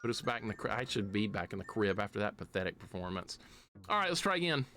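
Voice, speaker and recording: A man's voice: on the low side, fast. Guy with a light southern accent streaming a game, chatty and jumpy, laughs a lot, faint game music behind. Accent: slight Southern US city accent. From southeastern United States. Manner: chatty, excitable, laughs often, greets chat. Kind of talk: live gameplay commentary.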